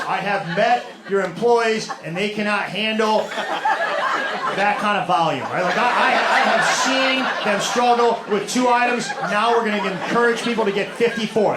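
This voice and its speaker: A man with a Southern US accent doing a stand-up set, telling stories in a deadpan, drawling way on a theater stage. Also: high voice, moderate pace, over a noisy crowd. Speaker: stand-up comedian. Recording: echoey live venue, loud room noise.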